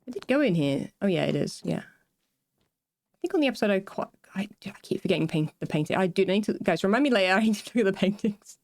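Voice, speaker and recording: A woman's voice: mid-range voice, lively intonation, a little fast, no room sound. Rambling woman streamer, dry close sound. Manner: rambling, self-interrupting, laughs often, talks to chat. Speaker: game streamer. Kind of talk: casual livestream chat while building in a game.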